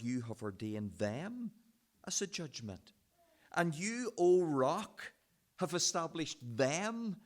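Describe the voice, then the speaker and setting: Male preacher, sermon delivery, lively intonation, unhurried and emphatic. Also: on the high side. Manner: impassioned, voicing the prophet's complaint. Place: church.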